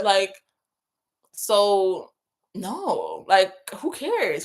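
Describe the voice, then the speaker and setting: A woman's voice: mid-range voice, huge pitch swings, very slow, pauses often. A young woman hosting a casual livestream, reading out viewer questions and answering them in a chatty, emotional way full of fillers and restarts. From moved to England from abroad. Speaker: YouTube livestream host.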